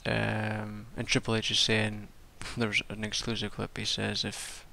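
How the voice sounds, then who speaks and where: Man with a gravelly voice. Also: fairly low pitch, monotone, a little slow, pushed and bright, slight background noise. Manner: rambling, swearing, with many restarts. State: tired from staying up all night. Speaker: wrestling show reviewer. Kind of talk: casual spoken review.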